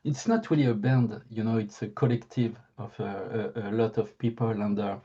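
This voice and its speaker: A man's voice: fairly low pitch, fairly even intonation, moderate pace, mellow, slightly rough. A man with a French accent, a band leader being interviewed over a video call, answering politely. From France. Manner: polite, short replies in English. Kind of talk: interview guest. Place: Paris, remote call. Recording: dull lo-fi call audio.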